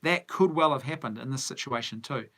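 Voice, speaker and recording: A man's voice: mid-range voice, brisk, fairly bright tone. A middle-aged man with a New Zealand accent hosts a casual movie news stream, musing as he answers viewer comments. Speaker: movie news show host. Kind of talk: casual live-stream chat.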